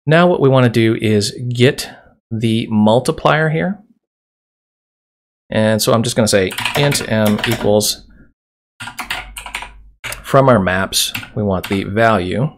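A man's voice: on the low side, unhurried, long pauses, slight background noise. A man hosting a programming tutorial, explaining casually and chatting while he types. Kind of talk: screen-recorded coding tutorial. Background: keyboard typing and mouse clicks.

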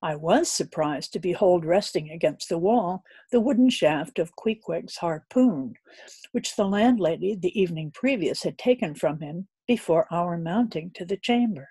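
A woman's voice: lowish voice, lively intonation, normal speed, dark tone, slightly rough, dry recording. A woman narrating a classic novel as an audiobook reader, earnest and a little unpolished, with occasional slips.

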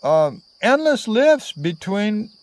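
A man's voice: high voice, very animated, slow pace. A man telling a travel story in a casual, meandering way, full of fillers and asides.

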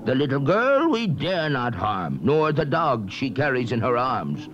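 A man's voice: medium pitch, very animated, unhurried, fairly bright tone. A man voicing the grave, dutiful leader of the winged monkeys on a vintage storybook record, with solemn, formal speech. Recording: dull lo-fi vintage record with hiss.

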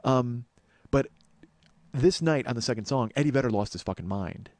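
A man in his forties hosting a comedy podcast, telling a story in an exasperated, profane, animated way. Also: mid-range voice, moderate pace, no room sound. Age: 40s. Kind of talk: storytelling monologue.

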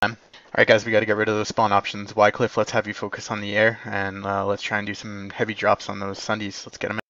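A man commanding players in an online game, giving brisk radio-style orders over a dull lo-fi voice chat. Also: lowish voice, completely flat delivery, pushed and bright, no room sound. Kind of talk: game voice comms.

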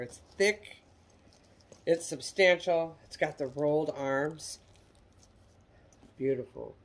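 Chatty woman reselling handbags. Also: lowish voice. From United States. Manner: chatty, folksy, self-deprecating. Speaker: online reseller showing handbags. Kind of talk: casual product show-and-tell.

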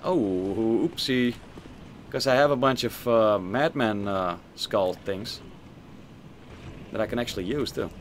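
A young man streaming a video game, swearing, joking and reacting loudly as he plays and reads the chat. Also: mid-range voice, vocal fry, a little hiss or hum. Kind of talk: casual gaming stream commentary.

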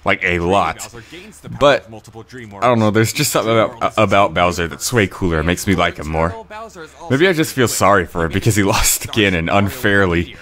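A man giving rambling casual commentary on his own video, clearing his throat with a cold. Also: low voice, moderate pace, a bit bright. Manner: rambling, frequent fillers and restarts. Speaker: creator giving episode commentary.

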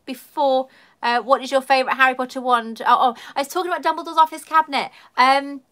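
A woman's voice: high-pitched, steady tone, quick pace, sharp tone. A woman from the London area with a southern English accent, hosting a casual live stream from home, chatting in a rambling way and reading viewer comments aloud. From London area, England. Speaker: livestream host.

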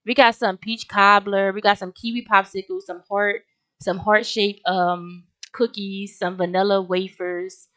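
Young woman, game commentary, casual slangy chatter to viewers, dry close sound, mid-pitched voice. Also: level tone, a little slow, fairly bright tone, no room sound. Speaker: gaming video host.

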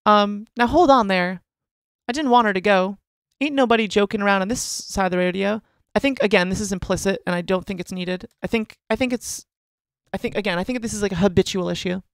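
A female story editor critiques a submitted story in a casual editing session, reading it aloud and thinking out loud about its flaws with many restarts and asides. Her voice is mid-range, with no room sound.

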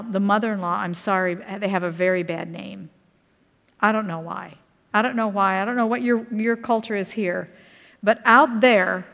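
A middle-aged woman from Utah giving a personal testimony sermon at a conference, telling her story earnestly with lively quoted asides. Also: medium pitch. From Utah, USA. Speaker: conference speaker. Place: church conference hall. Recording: reverberant hall.

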